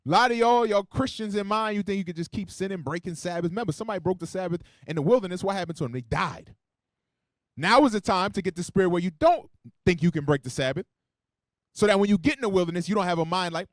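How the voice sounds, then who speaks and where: A man preaching to his congregation at a rapid clip, his pitch leaping all over as he jokes and then drives his point home. He calls out verses for someone else to read, swinging between loud emphasis and quiet, muttered asides. The sound is close and dry. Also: animated, no echo. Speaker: preacher teaching a Bible class. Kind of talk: sermon with call-and-response scripture reading.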